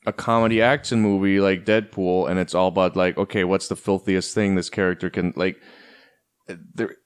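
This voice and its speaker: A man's voice: low-pitched, flat delivery, normal speed, smooth. A man co-hosting a podcast in casual chat, rambling and full of fillers like "like". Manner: rambling, filler-heavy, lots of "like". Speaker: podcast co-host.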